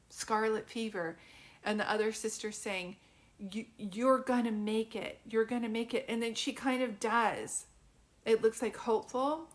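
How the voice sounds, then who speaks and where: A young woman who works as a psychic medium gives a live reading to a viewer, speaking in a mid-range voice. Her delivery is drowsy, halting and emotional, packed with fillers and restarts.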